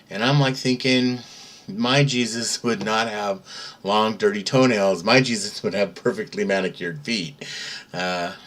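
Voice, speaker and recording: A man telling an earnest first-person story, hesitant, with pauses and filler sounds. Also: fairly low pitch, fairly bright tone. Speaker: testimony speaker.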